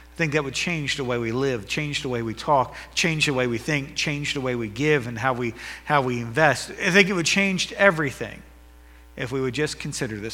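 A man's voice: fairly high pitch, bright, forceful tone. A man preaching a sermon as pastor, reading scripture aloud with rising emphasis and leading a prayer. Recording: long reverb of a church hall.

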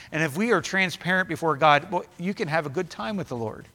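A man's voice: fairly high pitch, animated, fairly quick, bright, forceful tone, big-room sound. A man preaching a sermon as pastor, building to fervent, emphatic passages with repeated phrases.

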